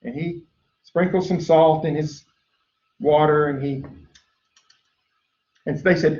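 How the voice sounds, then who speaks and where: A man's voice: on the high side, fairly even intonation, moderate pace, pauses often, far from the mic. Chatty male lecturer in an echoey room. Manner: chatty, lots of "uh" fillers, acts out story voices. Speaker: teacher. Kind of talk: recorded biology lecture. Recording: echoey room, dull lo-fi sound, faint hiss.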